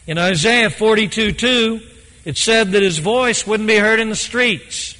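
Male preacher, bright, forceful, slightly high voice, delivering an emphatic sermon in a hall with long reverb. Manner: earnest, emphatic, with slow deliberate stresses.

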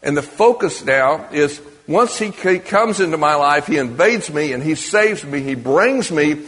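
A man's voice: a little high, animated, measured pace, fairly bright tone. A man giving a sermon to a congregation in a conversational way, often asking the audience questions. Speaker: preacher. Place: church or meeting hall with an audience. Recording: long reverb of a large hall.

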